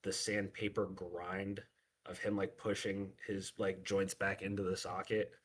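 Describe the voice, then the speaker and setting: Husky-voiced man running a tabletop game. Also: low voice, little pitch movement, unhurried. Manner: casual, many fillers like "like". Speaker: game master.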